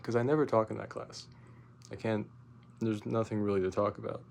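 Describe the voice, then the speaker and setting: A young man tells a long personal story in a loose, rambling vlog style, packed with fillers and swearing. His voice sits low with a gravelly fry, and he grows loud and lively when he reaches the heated part. A faint hiss runs under the recording. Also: brisk. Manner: rambling, profane, many fillers and restarts; gets loud and animated when retelling his outburst. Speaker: vlogger. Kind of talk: casual storytelling rant.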